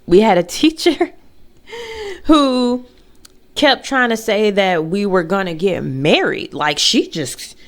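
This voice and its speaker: A woman's voice: medium pitch, animated, slow. A woman in casual chat, candid and talkative. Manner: chatty, candid, talks to her dog mid-story. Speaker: vlogger.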